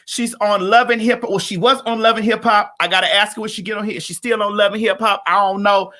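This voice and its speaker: A host with a flamboyant, sassy manner, hyping up guests on a live-streamed comedic talk show over a video call. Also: female voice, mid-range voice, steady tone, fast talker, pushed and bright. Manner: flamboyant, sassy, hype introductions.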